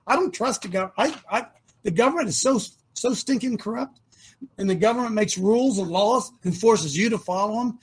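A man's voice: sits high, breathy edge. An older man hosting an opinionated talk show, emphatic and firing rhetorical questions at his listeners.

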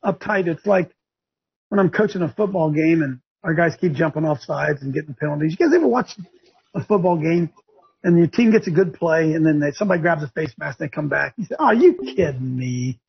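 A man hosting a talk show, ranting in a fiery, preachy way with a gravelly, husky voice. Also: brisk, dull audio. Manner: fiery and preachy, rising to shouts and high mocking voices. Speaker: show host. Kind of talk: impassioned talk show rant.

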